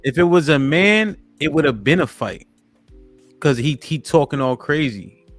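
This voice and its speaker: A man with a slightly raised pitch hosts a live stream, reading viewer comments. He jokes around loosely and casually. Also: expressive, unhurried, soft background music. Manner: casual, joking. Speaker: host. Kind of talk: live stream talk show.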